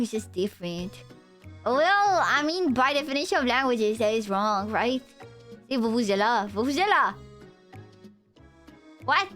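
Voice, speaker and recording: A young woman with a Romanian accent chats with her stream in a playful, rambling, teasing way. Her voice sits a little higher than most women's. Soft music plays quietly underneath. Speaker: VTuber streamer. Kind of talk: casual live-stream chat with viewers.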